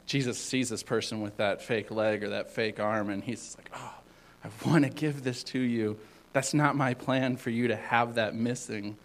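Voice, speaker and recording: A man giving an informal sermon as a youth pastor, rambling with many fillers and swinging between loud and hushed. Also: mid-range voice, fairly even intonation, moderate pace, a little hiss or hum, poor audio.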